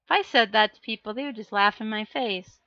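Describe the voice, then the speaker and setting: A woman's voice: fairly high pitch, a little fast, no room sound, muffled recording. A woman live streaming as she paints miniatures, chatting casually and self-deprecatingly while answering her chat.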